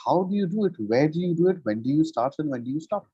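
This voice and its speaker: A man's voice: a little high, animated, quick pace, dark tone, husky, no room sound, lo-fi sound. A man giving a one-on-one English lesson over a video call, explaining patiently and checking in with "right?" after nearly every point. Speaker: English tutor.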